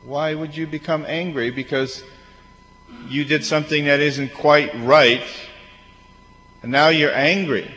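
A man's voice: fairly high pitch, steady tone, measured pace, pauses often, sharp tone, soft background music. A man preaching a sermon in a conversational way, asking his listeners questions and acting out quoted voices. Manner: conversational, asks the congregation questions. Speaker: pastor. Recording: dull long-echo hall recording.

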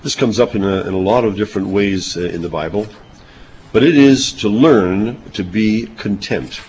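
A man's voice: lowish voice, moderate pace, a little mellow, muffled recording, slight background noise. An older man preaching a sermon, reading scripture and telling folksy childhood anecdotes with chuckles.

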